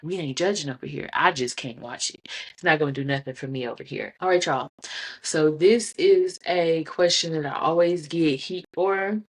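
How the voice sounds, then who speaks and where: A woman's voice: low-pitched, normal speed, husky. A young adult woman, hosting a candid chat show, talking bluntly and often breaking into laughter. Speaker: podcast host. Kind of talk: casual candid chat to camera.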